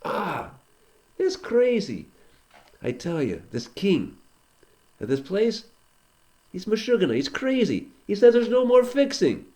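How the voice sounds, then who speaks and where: A man voicing a cheerful poor handyman who chats brightly about his luck. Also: high-pitched, big pitch swings, slow pace, long pauses, pitched above the performer's own voice, exaggerated voice. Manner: upbeat, chatty, Yiddish-flavored words. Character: cheerful poor male handyman, always happy.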